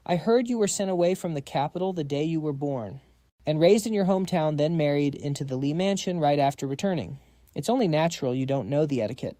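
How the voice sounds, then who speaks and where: A man reading out a dubbed historical drama story, voicing every role in an even, read-aloud delivery. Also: fairly high pitch, fast talker, dry recording, clean studio sound. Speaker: story narrator.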